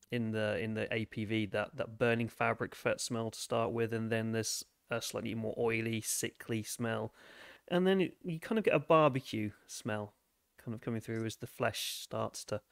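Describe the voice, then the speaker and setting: A man running a tabletop game as game master, describing scenes in a halting, detailed way. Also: lowish voice, vocal fry, no echo, clean studio sound.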